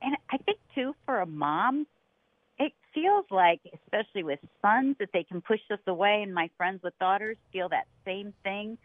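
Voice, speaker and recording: A middle-aged woman co-hosting a radio interview, telling a family story with animated delivery, acting out quoted voices and laughing often. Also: medium pitch, moderate pace, no room sound. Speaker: co-host. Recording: dry tinny phone-like line.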